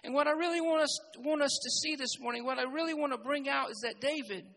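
A preacher delivering a sermon, repeating key phrases and building to loud, emphatic passages. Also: sits high, fast, vocal fry, a little hiss or hum, low-quality recording.

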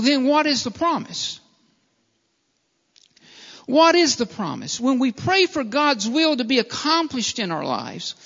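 A pastor delivers an earnest, repetitive sermon, often calling his listeners beloved. His voice is extremely high-pitched, bright and forceful. The recording sounds dull and lo-fi, with long hall reverb.

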